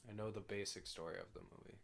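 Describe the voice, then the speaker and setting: A man's voice: on the low side, steady tone, very fast, creaky, a bit bright. A young man co-hosting a podcast, talking bluntly and casually, often saying he doesn't know. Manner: blunt, repeats "I don't know". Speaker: podcast co-host. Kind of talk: casual chat. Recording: faint background noise.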